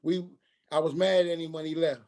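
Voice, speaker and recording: A middle-aged man, telling his own story on a radio show, halting and restarting as he acts out what others said. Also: on the high side, level tone, a little mellow. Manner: halting, repeats and restarts, quoting others in dialogue.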